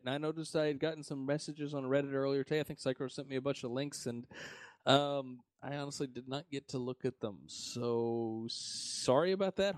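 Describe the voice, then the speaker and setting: A man's voice: a little high, no echo. A man hosting a casual podcast, rambling in a laid-back way and swearing now and then. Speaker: podcast host. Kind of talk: casual chat.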